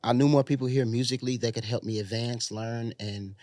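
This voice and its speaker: A man from Chicago with a Chicago accent, talking as a guest in a relaxed, slangy interview, often pausing on "um" as he reflects. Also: medium pitch, no echo. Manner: laid-back, slangy, reflective with many ums. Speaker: R&B singer, guest. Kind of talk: casual interview chat.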